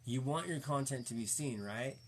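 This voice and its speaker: A man's voice: mid-range voice, normal speed, slight background noise. Slangy, cussing rambling man. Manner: fired-up, preachy. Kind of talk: casual rambling chat.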